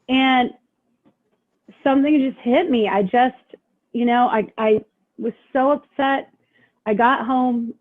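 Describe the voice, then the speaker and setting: A middle-aged woman from Indiana who runs a small pub, telling her story at a town hall in a halting way, with many fillers and restarts. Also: fairly high pitch. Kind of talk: emotional personal testimony at a town hall. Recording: tinny phone-line sound.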